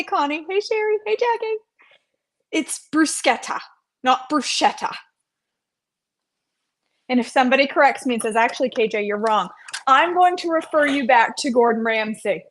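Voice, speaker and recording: A woman's voice: high voice, animated, normal speed. A middle-aged woman, chatting casually on a cooking livestream and greeting viewers by name with playful sing-song asides. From North Carolina, USA. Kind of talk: casual live-stream chat while cooking.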